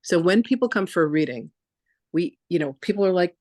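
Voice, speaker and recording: A woman spiritual teacher leading a masterclass, telling stories in a chatty, animated way with lots of casual fillers. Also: lowish voice, a little fast, dry recording. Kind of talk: casual storytelling lecture.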